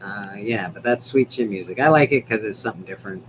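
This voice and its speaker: A man's voice: lowish voice, fast talker, slight background noise, rough recording. A man hosting a casual livestream chat from home, rambling, laughing often and swearing now and then. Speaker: livestream host.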